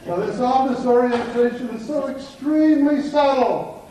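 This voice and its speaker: A man's voice: very high-pitched, moderate pace, noisy background. Man lecturing, echoey and distant. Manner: tells jokes in an easy storytelling way. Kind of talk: lecture with anecdotes. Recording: echoey room from far off.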